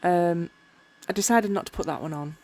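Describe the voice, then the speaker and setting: Speaking at a normal speed in a lowish, slightly mellow voice, a weary miniature crafter chats casually through her vlog. She rambles and often trips over what she's saying.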